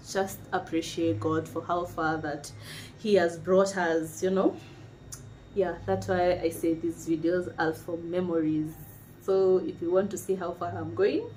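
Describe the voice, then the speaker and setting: A woman's voice: on the low side, slight background noise. A young woman with a Kenyan accent, gushing and laughing as she chats casually in a home vlog. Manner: excited, gushing, laughs often. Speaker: vlogger. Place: home sitting room.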